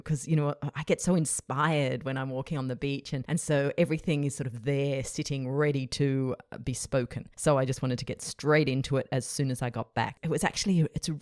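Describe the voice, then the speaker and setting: A woman's voice: very deep voice, a little mellow, no room sound, studio quality. A woman hosting her own podcast, talking in a chatty, reflective way with frequent light laughs. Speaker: podcast host. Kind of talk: casual solo podcast chat.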